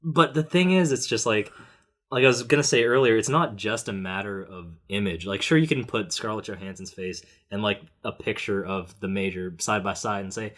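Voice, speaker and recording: A man co-hosting a casual film podcast, talking animatedly and acting out characters in quick voices. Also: fairly low pitch, a bit bright. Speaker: podcast co-host.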